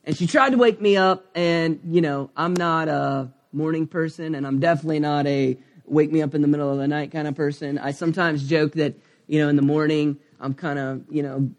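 Male pastor, 30s, candid rambling sermon storyteller with a fairly high voice.

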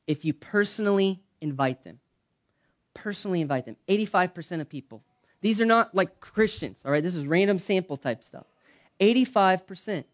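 A man preaching a conversational sermon in a church, punching some lines loudly and dropping others to a soft, low aside. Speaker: pastor.

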